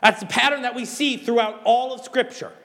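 A man's voice: very high voice, brisk, long reverb tail. A man preaching a sermon as a pastor, telling stories and urging his congregation to act. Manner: animated storytelling with emphatic exhortations.

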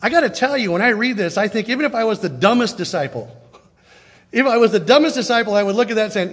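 A man delivers a sermon with a fairly high voice for a man, talking to the congregation in a lively, conversational way. He slips into the voices of the people in his reading. The sound carries the long reverb of a large hall. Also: fast, breathy edge. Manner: conversational, animated, acts out quotes. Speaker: pastor.

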